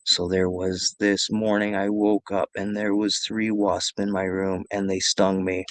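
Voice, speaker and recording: Low-voiced man rambling profanely. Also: flat delivery, a little slow, a bit bright, dry recording. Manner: rambling, profane, repeats himself. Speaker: streamer telling stories. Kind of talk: casual storytelling.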